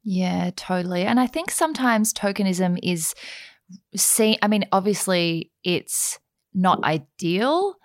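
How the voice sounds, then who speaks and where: A woman's voice: mid-range voice, animated, slow, no echo, studio quality. A woman hosting a casual interview, speaking in a thoughtful, supportive way. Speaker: interviewer, host.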